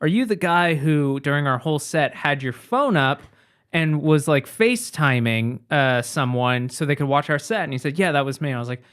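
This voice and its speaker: A man's voice: a little high, moderate pace, clear, resonant tone. A man hosting a podcast, telling tour stories in casual chat and acting out the quotes with lots of energy. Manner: animated storytelling, acting out quotes. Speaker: podcast host.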